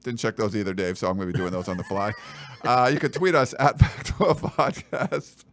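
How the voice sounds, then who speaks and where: A man's voice: on the low side, moderate pace, a bit bright, a little hiss or hum. A man co-hosting a sports podcast, joking and rambling through plugs and sponsor reads while teasing his co-host. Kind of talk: casual chat with sponsor reads.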